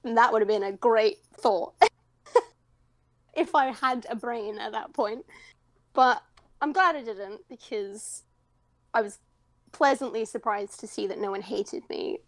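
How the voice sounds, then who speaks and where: A woman's voice: on the high side, slow, long pauses, dry recording. A young British woman, a voice actress, chatting in an interview, rambling and self-deprecating with frequent laughter. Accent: British English. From United Kingdom. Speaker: voice actress guest. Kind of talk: casual interview chat.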